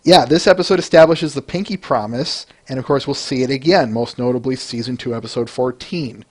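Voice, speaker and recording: Man, podcast host, casual review chat, rambling, restarts, mid pitch. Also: fairly quick, darkish tone. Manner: responds to listener names between points.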